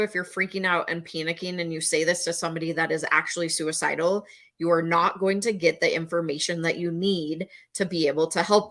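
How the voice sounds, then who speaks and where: A woman's voice: lowish voice, bright, forceful tone. A middle-aged woman teaching as a mental health educator, earnest and repetitive, now and then acting out a panicked voice. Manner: earnest, repeats key phrases, acts out panicked voices. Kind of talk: instructional talk to camera.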